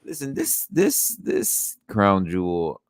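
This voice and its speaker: Animated man riffing on a podcast. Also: low-pitched, slow pace. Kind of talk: casual chat.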